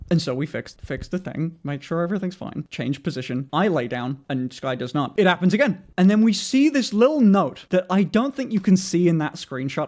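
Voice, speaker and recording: An English-accented streamer in their twenties vents to their chat in a loose, casual rant. The talk is peppered with swearing, and the voice keeps climbing into loud, indignant shouts. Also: mid-range voice. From England. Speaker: livestreamer.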